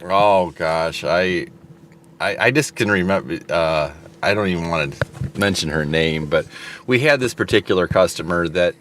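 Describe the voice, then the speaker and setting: Male co-host, low voice, relaxed storyteller. Faint room noise. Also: normal speed. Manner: easygoing, laughing storyteller. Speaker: podcast co-host and business owner. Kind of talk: casual storytelling chat.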